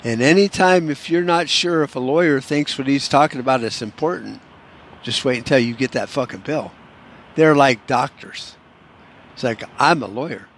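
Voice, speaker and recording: A man's voice: medium pitch, normal speed. Male podcast host, swearing, sarcastic rant, faint hum behind him. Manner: profane, sarcastic, ranting.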